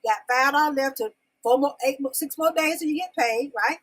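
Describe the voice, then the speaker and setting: A woman with a high voice hosts her own live-stream talk show. She talks to her viewers in a folksy, down-home way, calling them y'all. She keeps pressing the chat to answer her questions. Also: a little fast, fairly bright tone, low-quality recording.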